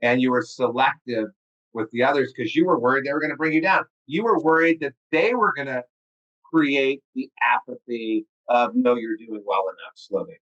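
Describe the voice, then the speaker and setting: A man's voice: medium pitch, lively intonation, moderate pace, fairly bright tone, lo-fi sound. A man hosting a podcast interview, asking pointed questions emphatically and repeating words as he presses a point. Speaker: podcast host. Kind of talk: casual interview talk.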